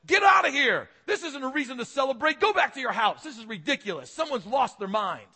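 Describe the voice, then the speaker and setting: Indignant older brother, as a man puts him on, raised and shouting, pitched high. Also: expressive, brisk, breathy edge, exaggerated voice. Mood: furious. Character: furious older brother yelling at partygoers.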